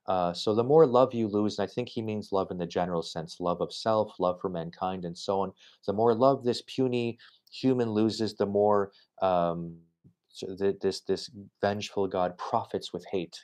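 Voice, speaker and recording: A man's voice: low voice, a little mellow. A middle-aged man lecturing on poetry, explaining step by step, often checking in with "okay?" and reading verse aloud with marked rhythm. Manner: explanatory, frequent "okay?" check-ins, many restarts. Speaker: literature lecturer. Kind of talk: recorded university lecture.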